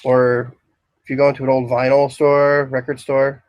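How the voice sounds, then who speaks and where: A man's voice: medium pitch, little pitch movement, normal speed, a little mellow, no echo, poor audio. Rambling man. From Philadelphia area, US. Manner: rambling, descriptive, many ums. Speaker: incense store lecturer. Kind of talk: casual product talk. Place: shop, indoors.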